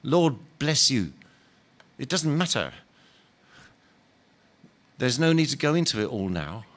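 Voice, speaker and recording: A man voicing a gentle, humble spirit. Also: mid-range voice, slow. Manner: calm, soft, earnest and patient. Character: gentle, humble male spirit, former murderer, patient. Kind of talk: dramatic reading of a novel.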